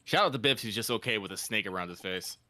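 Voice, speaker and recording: A playful man riffing on a game alongside a friend, quick with reactions. His voice is bright and his pitch jumps around animatedly. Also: expressive. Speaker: let's play co-host. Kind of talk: casual gaming commentary.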